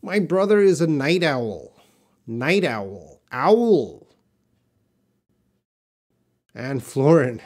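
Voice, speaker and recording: With a dark-toned, mid-range voice, a man answers questions from viewers during a live-streamed English lesson. His pace is slow and patient, and he leans on example sentences to explain.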